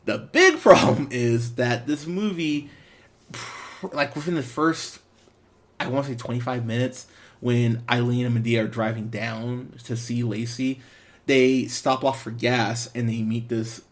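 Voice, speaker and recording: A man hosting a podcast, talking through a movie review in a loose, rambling way. His voice sits at an ordinary middle pitch. He jumps between thoughts, restarts sentences and laughs often. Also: fairly even intonation, a little slow. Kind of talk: casual spoken movie review.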